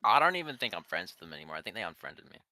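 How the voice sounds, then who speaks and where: Man, quick bright voice, teasing banter, dry close sound. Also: lowish voice, big pitch swings, dry recording. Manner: teasing, joking. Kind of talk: casual group chat.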